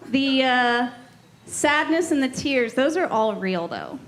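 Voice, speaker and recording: A woman's voice: a little high, a little hiss or hum. A woman doing a sardonic, profane stand-up set, teasing the crowd. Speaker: stand-up comedian. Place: comedy club stage.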